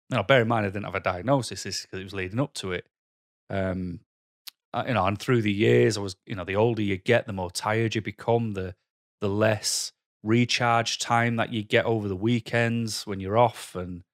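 A man telling a personal story to camera, candid and halting, often frustrated and filling gaps with "you know". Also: lowish voice, no echo, clean studio sound. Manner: frustrated, heated. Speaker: vlogger.

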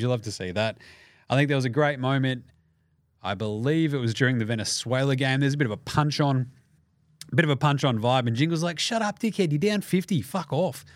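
A young Australian man hosting a basketball podcast, talking casually with lots of swearing and jokes, often mimicking people in quick put-on voices. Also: mid-range voice, no room sound, clean studio sound. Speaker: podcast host. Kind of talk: casual sports podcast monologue.

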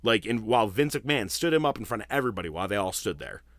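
Profane, animated man hosting a podcast. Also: on the low side, racing, no echo, studio quality. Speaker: podcast host. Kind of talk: casual wrestling podcast chat.

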